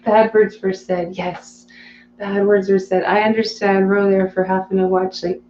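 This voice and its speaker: A woman hosting a casual live stream, reading viewer chat aloud, chatty and quick to laugh. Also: medium pitch, flat delivery, darkish tone, reverberant, highs cut off, slight background noise.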